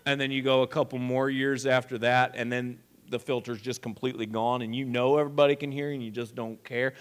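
A man preaching a sermon, swinging between quiet, intimate lines and loud, emphatic ones. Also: mid-range voice, flat delivery, brisk, few pauses, clean tone. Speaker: pastor.

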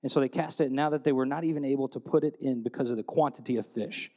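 A man preaching a sermon, telling stories and retelling scripture in a lively storytelling way. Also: medium pitch, quick pace, long reverb tail. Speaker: pastor.

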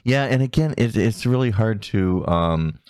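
A man's voice: on the low side, animated, unhurried, a little mellow, smooth, no echo, studio quality. A man co-hosting a podcast in casual chat, joking and laughing often. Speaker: podcast co-host.

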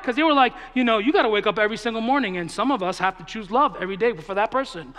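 Animated male pastor in a reverberant hall. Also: very high voice, rapid-fire, few pauses. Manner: animated, joking with the congregation, acts out both sides of a debate. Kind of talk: sermon. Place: large church hall with a big congregation.

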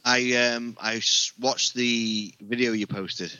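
A man co-hosting a podcast, chatting casually and mostly giving short, relaxed replies. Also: medium pitch, slow, clear, resonant tone, dry recording, lo-fi sound. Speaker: podcast co-host. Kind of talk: casual chat.

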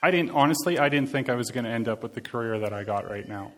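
A man's voice: mid-range voice, fast talker, a bit bright. Man preaching a casual, earnest sermon. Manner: earnest, conversational, with repeated phrases.

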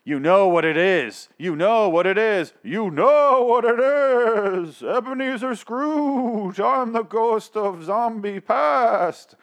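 A man putting on a slow, yelling ghost. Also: high-pitched, voice pushed up. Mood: ominous yelling.

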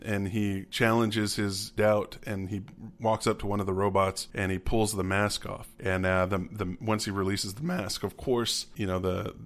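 Male podcast co-host, low voice, loose rambling movie-recap delivery. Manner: rambling, many restarts and fillers, laughs often. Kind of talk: casual movie recap chat.

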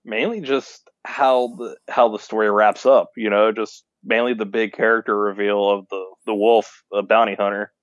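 A man co-hosting a casual spoiler chat about a film, easygoing and quick to laugh. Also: fairly low pitch, steady tone, dry recording, dull audio. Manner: easygoing, laughs often, agreeable. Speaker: podcast co-host.

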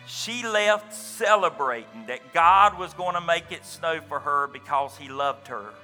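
A man's voice: fairly high pitch, expressive, a little slow, pushed and bright, big-room sound, soft background music. A man preaching a sermon as pastor, telling a story with quoted dialogue and folksy asides. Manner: storytelling, retelling another man's account with quoted dialogue.

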